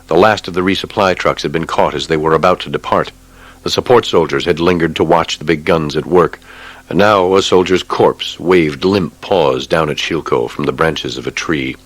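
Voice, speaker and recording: Deep-voiced man narrating an audiobook. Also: a bit bright, no room sound.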